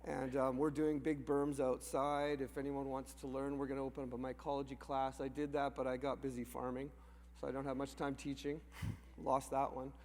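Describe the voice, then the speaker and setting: A man's voice: mid-range voice, little pitch movement, normal speed, darkish tone. A mushroom farmer from Canada giving an emotional, off-the-cuff speech to a crowd, rambling and restarting his sentences with small laughs. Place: large hall. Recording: long hall reverb.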